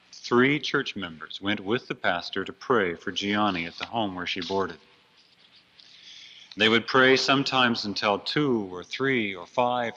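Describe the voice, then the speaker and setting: A man's voice: on the low side, pushed and bright. A man preaching a storytelling sermon, earnest and dramatic, swelling on key phrases. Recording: dull lo-fi recording.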